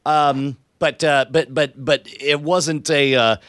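A man's voice: on the high side, fairly even intonation, slow, fairly bright tone, dry recording, clean studio sound. A man co-hosting a casual podcast conversation about TV, talking with frequent restarts. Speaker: podcast co-host. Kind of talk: casual chat.

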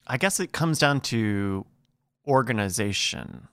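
Wry teasing podcast guy, lively bright voice. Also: medium pitch, clear, resonant tone, dry recording, clean studio sound. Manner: wry, teasing, quick deadpan jokes. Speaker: podcast co-host. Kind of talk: casual podcast chat.

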